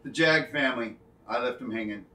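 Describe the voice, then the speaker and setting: A man's voice: medium pitch, brisk, bright, forceful tone. A man co-hosting a live show, chatting casually in a joking, self-mocking way. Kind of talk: casual live-stream chat. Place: indoor room at home. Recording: echoey room, mic at a distance.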